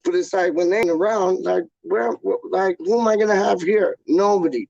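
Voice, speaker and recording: Man, slightly high voice, gravelly, casual rambling chat, slangy. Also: moderate pace, no room sound, dull audio. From London, England. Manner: slangy, repeats "dog" and "man" at line ends; rambling, animated. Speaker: YouTube channel host. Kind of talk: casual live chat with viewers.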